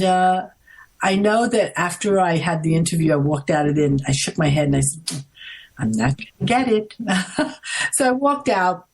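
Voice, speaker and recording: A low-voiced woman with a New York accent tells her story as an interview guest. Her voice is husky and a little breathy. She jumps higher in pitch whenever she acts out what someone said. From United States. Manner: chatty, acts out quoted lines with lively pitch jumps.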